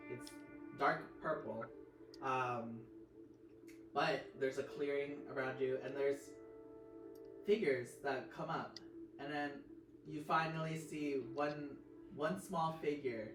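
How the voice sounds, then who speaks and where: A woman narrating a tabletop game as game master, meandering, with many fillers and restarts. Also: a bass voice. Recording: roomy, distant mic, music behind.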